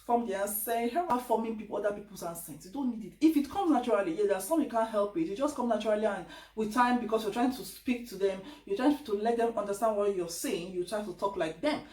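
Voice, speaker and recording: A Nigerian woman casually giving advice in a vlog, chatty and animated, often acting out what others say. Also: medium pitch, quick pace, few pauses. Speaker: vlogger. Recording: echoey room, distant mic.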